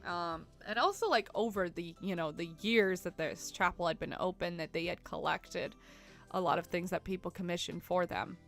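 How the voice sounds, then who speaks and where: A woman's voice: fairly low pitch, moderate pace, soft background music. A young woman streaming, talking in a rambling, chatty way with many fillers. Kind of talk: casual live-stream chat while editing photos.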